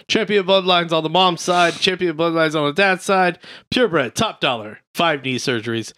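Bright-voiced man reading jokes deadpan. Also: fairly high pitch, normal speed, few pauses, no room sound, clean studio sound. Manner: deadpan joke reading, crude banter. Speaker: podcast co-host. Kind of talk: casual podcast chat, reading comedians' jokes aloud.

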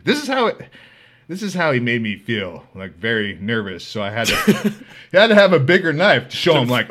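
Podcast guy telling wild stories, cussing n laughing, pitch all over the place. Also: moderate pace. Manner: animated, profane, laughing. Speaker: podcast host. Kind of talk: comedic storytelling.

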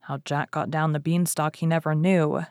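A woman narrating a fairy tale, reading expressively with lively rises on exciting words. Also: deep voice, moderate pace, no echo, clean studio sound. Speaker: story reader. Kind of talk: storybook narration.

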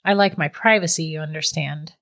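Mocking witch, calm and matter-of-fact, low-set soft voice, woman reading it, storybook. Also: brisk, vocal fry. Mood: cool, teasing. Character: cold, teasing middle-aged female witch captor.

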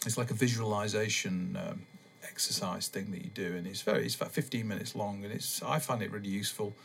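A man hosting a podcast, rambling in a relaxed, meandering way with many pauses and ums. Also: on the low side, vocal fry, slight background noise. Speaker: podcast host. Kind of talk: casual rambling monologue.

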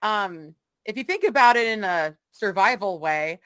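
A woman co-hosting a casual podcast chat with quick, wry remarks. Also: mid-range voice, animated, fairly bright tone, no echo. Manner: quick, wry interjections, laughs easily.

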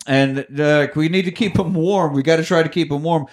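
A man co-hosting a podcast, casually and profanely retelling a film's plot, dropping quick voices for the characters. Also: fairly high pitch. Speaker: podcast co-host. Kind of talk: casual movie-recap chat.

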